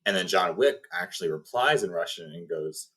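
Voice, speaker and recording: A man with a fairly low voice retells a film plot in casual, rambling fashion. He restarts lines and leans on fillers as he goes. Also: expressive, moderate pace, sharp tone. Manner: rambling, filler-heavy storytelling. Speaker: video host.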